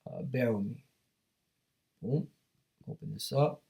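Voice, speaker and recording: A man's voice: medium pitch, slow pace, vocal fry, warm tone. A man teaching from scripture, reading verses aloud and then commenting on them emphatically while often checking in with his listeners. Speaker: Bible teacher.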